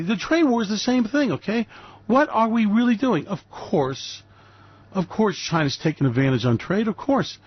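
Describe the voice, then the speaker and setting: Older man from New York City, radio host, ranting and emphatic; husky voice with dull, lo-fi sound. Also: fairly high pitch, dry recording. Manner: emphatic, ranting, rhetorical questions. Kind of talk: opinionated radio commentary.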